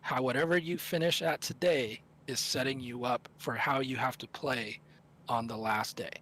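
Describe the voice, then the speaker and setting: A man's voice: medium pitch, steady tone, moderate pace, a bit bright, a little hiss or hum. A man commentating a live esports tournament stream, analysing teams in a rambling, self-correcting way.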